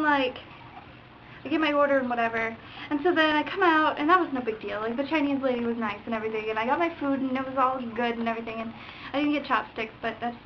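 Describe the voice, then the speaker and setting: A young woman vlogger telling a driving story in a casual rant, acting out other drivers with sound effects and curses. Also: high voice. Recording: dull lo-fi webcam audio with faint noise.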